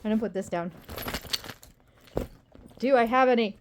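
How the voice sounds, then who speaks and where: A woman's voice: on the high side, normal speed, a little mellow, a little hiss or hum. A woman vlogging at home in a rambling, self-deprecating, exasperated way. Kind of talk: casual personal vlog.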